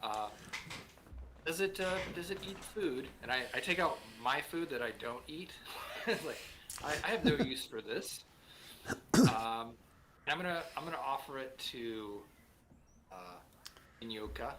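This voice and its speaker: A man playing a tabletop game, curious and hesitant, with many pauses. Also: mid-range voice, lively intonation, fairly bright tone, slight background noise. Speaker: player. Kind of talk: casual chat at a game table.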